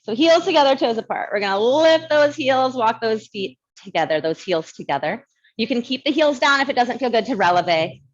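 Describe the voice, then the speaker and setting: A woman teaching a barre class with a fairly high voice and a slight lisp. She talks in a chatty, friendly way, counting reps and laughing between cues. The recording sounds dull and lo-fi. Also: lively intonation, moderate pace. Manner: mild lisp from new aligners. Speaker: barre fitness instructor. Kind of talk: live fitness class instruction.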